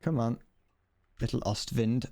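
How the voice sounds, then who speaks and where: A man's voice: mid-range voice, measured pace, dark tone. A young man chatting casually to his viewers while playing, swearing and laughing as he goes. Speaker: streamer. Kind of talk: casual gameplay commentary.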